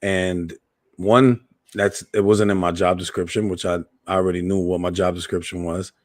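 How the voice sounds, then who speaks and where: A man with a fairly low voice tells a story in loose casual chat, relaxed and swearing freely. The sound is dry and close, with little room echo. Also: normal speed. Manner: laid-back, profane, laughs at own story.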